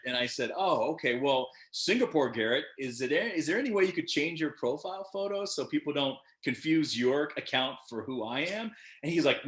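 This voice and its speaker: A man's voice: a little high, brisk, hardly any pauses. Man, fifties, guest on a video call interview, acts out quotes while telling stories, laughs a lot, echoey room. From United States. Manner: animated storyteller who laughs often and acts out the quotes. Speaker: actor guest.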